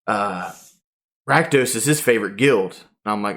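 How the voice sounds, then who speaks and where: A man's voice: lowish voice, moderate pace. Man telling a game story. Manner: animated storyteller, acts out quotes. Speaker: podcast host. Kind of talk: casual storytelling chat.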